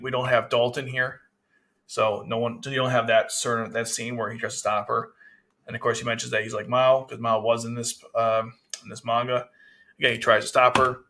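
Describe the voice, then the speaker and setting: A man's voice: mid-range voice, sharp tone. A man casually reviewing a manga chapter, rambling, with frequent restarts. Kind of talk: casual commentary.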